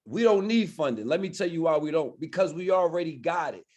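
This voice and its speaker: A man leads a community presentation with a preacher's conviction. His voice sits a little high for a man, and he drives each point home, stopping again and again to ask if the room understands. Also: lively intonation, a little fast, darkish tone. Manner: emphatic, keeps asking "you understand?". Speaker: minister presenting a community plan.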